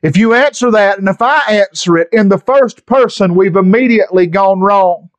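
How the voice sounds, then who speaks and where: Impassioned high-voiced preacher man. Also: moderate pace. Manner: impassioned, rising to shouts. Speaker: pastor. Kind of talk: sermon. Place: church sanctuary.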